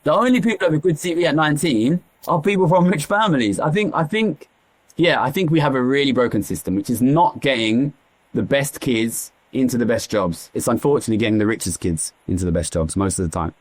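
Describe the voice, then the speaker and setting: A man's voice: mid-range voice, a little fast. A man with an East London accent, speaking as an economist guest in an interview, talking passionately and repeating phrases for emphasis. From East London, England. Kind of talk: candid interview talk.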